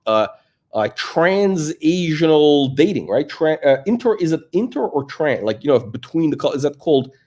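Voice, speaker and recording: A man's voice: a little high, sing-song, normal speed, darkish tone. A man hosting a casual podcast, talking in a loose, rambling, joking way with lots of fillers. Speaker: host.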